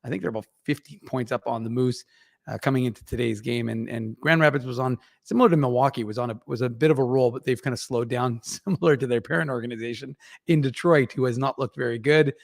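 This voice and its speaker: A man's voice: medium pitch, fast talker, vocal fry, no echo, clean studio sound. A man, chatting as a regular on a hockey podcast, rambling with many fillers and restarts. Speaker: regular podcast contributor reporting on the Moose. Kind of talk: casual hockey podcast chat.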